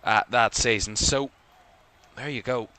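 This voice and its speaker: Belfast guy hosting a live footy watchalong, bright voice, rambles a lot with uhs. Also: mid-range voice, a little slow. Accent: Northern Irish. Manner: rambling with frequent fillers. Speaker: host.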